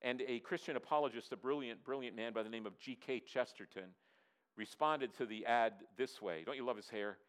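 A man's voice: medium pitch, brisk, clean tone. Earnest man preaching a sermon. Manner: earnest, repetitive preaching, rising and dropping to near-quiet for emphasis; asks the audience to respond. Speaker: pastor.

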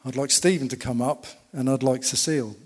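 This man's sermon comes in a medium-pitched, somewhat mellow voice, moving a little fast. He emphatically tells stories and asks the congregation rhetorical questions, all echoing through the long reverb of a church hall.

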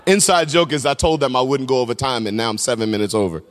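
A middle-aged man preaching a sermon as pastor, swinging between loud shouts and hushed low tones. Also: expressive, fast, long reverb tail, some chatter behind. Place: large church sanctuary.

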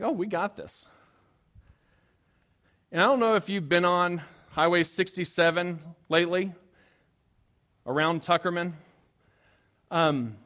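A man preaching to his congregation, telling a story with humor and acting out his own panic. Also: sits high. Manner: animated, acts out his own frantic panic; self-deprecating humor with the congregation. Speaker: pastor. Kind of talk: storytelling sermon.

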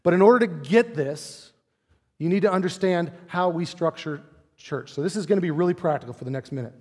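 A man's voice: a little high, fairly quick, darkish tone. Man preaching in a reverberant hall. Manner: conversational preaching with rhetorical questions and playful asides. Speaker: pastor. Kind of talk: sermon. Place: church sanctuary.

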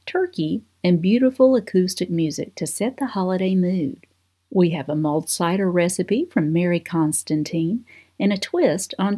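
A woman hosting a food radio show in a gentle, homey, scripted way. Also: fairly low pitch, slightly rough.

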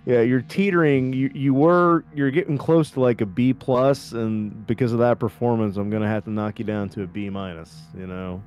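Man, podcast co-host, mid-pitched voice, joking, teasing, casual chat. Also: steady tone, moderate pace, few pauses, darkish tone, soft background music. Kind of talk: casual banter.

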